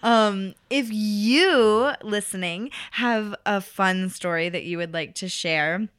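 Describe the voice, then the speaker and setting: Unhurried woman podcast host. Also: medium pitch, a bit bright, smooth. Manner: supportive, short affirmations. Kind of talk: casual podcast chat.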